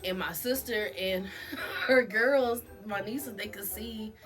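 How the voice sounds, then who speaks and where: A woman's voice: medium pitch, takes it slowly, a bit bright, faint music behind. A woman vlogger telling a casual storytime, chatty and self-mocking, laughing often as she goes.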